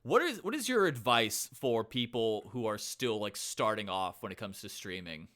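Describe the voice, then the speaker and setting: A man's voice: lowish voice, very animated, normal speed, fairly bright tone. A man hosting a casual interview, chatty and friendly in his questions. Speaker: podcast host.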